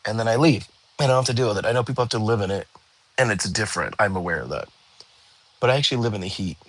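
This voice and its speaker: A tired young man, hosting a relaxed livestream and chatting with viewers from home. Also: fairly low pitch, racing, husky. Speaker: livestream host. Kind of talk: casual livestream chat. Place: home, lying down.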